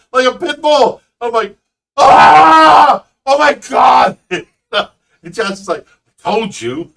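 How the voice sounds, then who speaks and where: A middle-aged man tells a story with a lot of energy, laughing as he goes. His voice is high and bright, and it sounds distant, as if he is sitting away from the mic. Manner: animated storyteller, laughs often. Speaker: fish rescue owner and host. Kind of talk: casual livestream chat.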